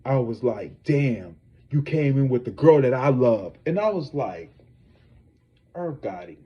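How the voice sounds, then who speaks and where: Profane, animated male gossip streamer. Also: mid-range voice, slow pace, slightly rough, lo-fi sound. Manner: profane, animated, talks straight to viewers. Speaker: psychic tarot reader and gossip host. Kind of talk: casual celebrity gossip livestream.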